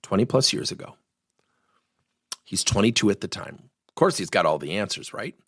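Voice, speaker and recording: A middle-aged man coaching through a story in an animated way, his pitch swinging widely as he acts out the people in it. His voice is slightly husky at a middle pitch, and it sounds close and dry, with no room around it. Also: normal speed, dry recording. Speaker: workplace coach.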